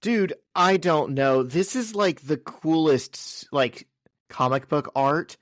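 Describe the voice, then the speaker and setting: A man's voice: on the high side, animated, slow pace, dry recording. Enthusiastic podcast co-host man, dry sound. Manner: enthusiastic, filler-heavy "like". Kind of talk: casual podcast chat.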